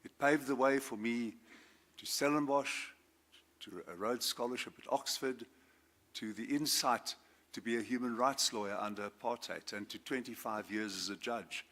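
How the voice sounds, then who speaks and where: A South African man in his seventies, a former judge, giving a formal speech to a school assembly. He speaks in a measured, formal way and lifts his voice on key words. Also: mid-range voice, a bit bright. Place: school assembly, speaker standing before students.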